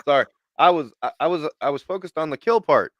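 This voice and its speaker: A man's voice: a little high, animated, fast, dry recording, highs cut off. A man guesting on a live stream over a remote call, chatting in an easygoing, agreeable way. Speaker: guest YouTuber. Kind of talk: casual chat on a live stream.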